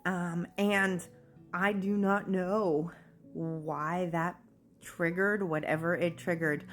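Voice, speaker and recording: A woman sharing a personal testimony, telling her own story in an earnest, emotional way. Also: on the low side.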